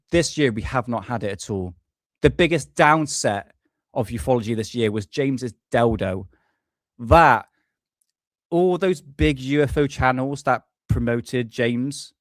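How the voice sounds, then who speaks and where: A man's voice: medium pitch, no room sound. A man hosting a live stream, talking casually and ranting with swear words.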